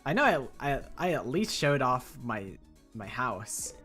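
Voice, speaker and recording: A woman's voice: rumbling low, sing-song, measured pace, fairly bright tone, faint music behind. A woman streamer reading a game aloud and chatting in a rambling, jokey, profane way.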